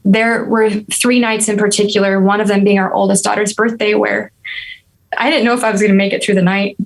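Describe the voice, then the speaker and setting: A woman's voice: medium pitch, fairly quick, creaky, low-quality recording. A woman in her thirties, a podcast guest, telling a personal story in an earnest, reflective way. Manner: earnest, reflective, steady and even-toned.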